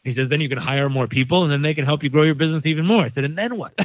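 A man's voice: on the high side, rapid-fire, no echo. A man from San Diego telling a story as a podcast guest, acting out the people in it. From San Diego, United States. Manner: animated storyteller, acting out quoted voices. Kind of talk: casual storytelling. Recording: dry, phone-like narrow sound.

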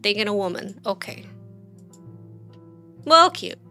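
With soft music playing behind her, a woman streamer offers chatty, casual let's-play commentary, thinking aloud and quizzing the game's characters. Her mid-range voice is bright and forceful, with lively intonation and a slow pace.

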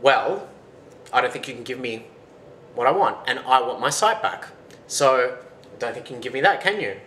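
A blind hairy giant bellows in a lifted, loud voice, played by a man reading a folktale. The sound is roomy and carries a faint background hiss. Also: lively intonation, normal speed. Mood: wary. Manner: loud exclamations, raised pitch. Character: blind hairy giant hermit, gruff and surprised.

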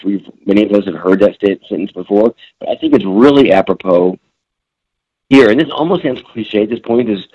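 Gravelly, lively male business speaker. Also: on the low side, brisk, lo-fi sound. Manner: lively storyteller, frequent fillers. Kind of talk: conversational webinar talk.

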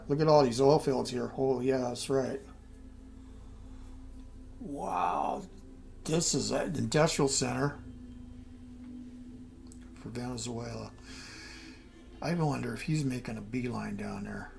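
A man's voice: mid-range voice, takes it slowly, creaky, pauses often, faint music behind. A middle-aged man thinking aloud as he plays a strategy game, muttering and trailing off. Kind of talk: casual game commentary.

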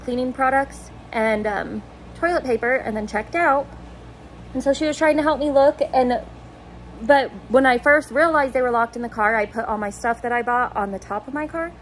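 A woman vlogging to her phone camera, spilling the day's mishaps in a rambling, breathless way. Her voice sits somewhat high, and faint background noise runs under the recording. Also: poor audio. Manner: rambling, breathless storytelling with "like" and "freaking". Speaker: vlogger mom. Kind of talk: casual chatty vlog. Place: home, car and store.

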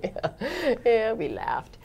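Gravelly low-voiced woman telling stories. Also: sing-song, slow, a little mellow, dull audio, slight background noise. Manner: chatty, laughing often, many restarts. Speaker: foreign correspondent. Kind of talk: reflective interview storytelling.

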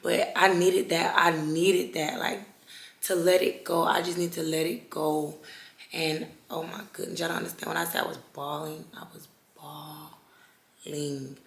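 A young woman talks straight to her viewers in a slightly low voice, halting and repeating herself with fervent feeling. Her voice rings a little in an echoey room. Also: flat delivery, vocal fry. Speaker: vlogger. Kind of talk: emotional personal vlog talk.

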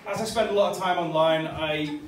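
A man's voice: on the high side, a little fast. A man doing a stand-up comedy set in a small club, sweary and conversational as he banters with the crowd, recorded from a distance. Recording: distant, echoey live venue recording with heavy noise. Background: audience laughter.

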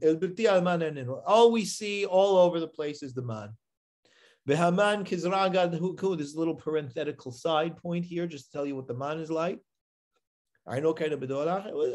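A rabbi with a high voice for a man teaches a live Torah class. He reads Hebrew verses aloud and then unpacks them, often pausing on a questioning "right?" to keep the room with him. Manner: animated, checks in with frequent "right?".

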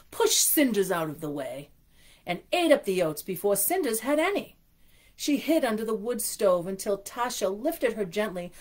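A woman hosting a storytime and reading a picture book aloud, breaking into gushing, chatty asides. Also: medium pitch. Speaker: storytime host.

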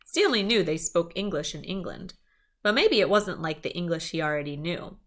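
Lively woman reading a children's book. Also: on the low side, normal speed. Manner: lively storytelling, small asides. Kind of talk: reading a chapter book aloud.

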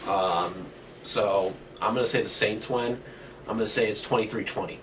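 A man co-hosting a casual sports picks chat over an online call, talking with plenty of fillers and pauses. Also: lowish voice, steady tone. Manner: hesitant, many fillers. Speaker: co-host making picks. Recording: distant mic with faint noise.

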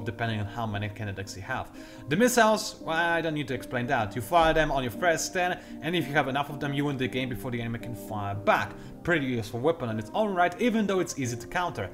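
Young male let's-play host, mid pitch, rattles off strategy fast with deadpan sarcastic jokes, soft game music underneath. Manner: talks fast, self-admittedly; dry sarcastic asides. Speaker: gameplay tutorial host. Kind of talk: explanatory let's-play commentary.

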